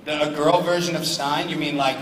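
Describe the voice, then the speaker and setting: A man's voice: on the high side, a little fast. Jokey man on a hall stage. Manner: jokey, animated storyteller. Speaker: voice actor panel guest. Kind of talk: convention panel Q&A. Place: large convention hall. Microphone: far from the recording device. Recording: echoey hall from far off, loud crowd.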